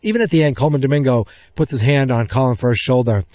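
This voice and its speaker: A man hosting a podcast, excitedly retelling a film's scenes in a rambling, casual way. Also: medium pitch, fast talker, dry recording. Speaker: podcast host. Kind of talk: casual movie recap.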